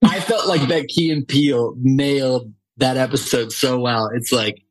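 A man from California, a guest actor, talking casually on a podcast and often pausing to search for words with many fillers. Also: mid-range voice, rough recording.

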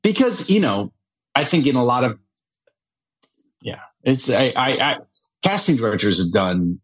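Husky, hesitant man chatting. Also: medium pitch, sing-song, measured pace, no echo, rough recording. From California. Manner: hesitant, searches for words, many fillers. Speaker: actor guest. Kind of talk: casual podcast chat.

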